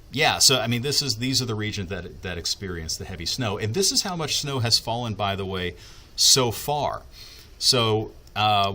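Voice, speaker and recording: A man's voice: fairly low pitch, bright, forceful tone, slight background noise. A man working as a TV meteorologist, explaining the weather in a casual, chatty way, with asides and fillers as he thinks aloud.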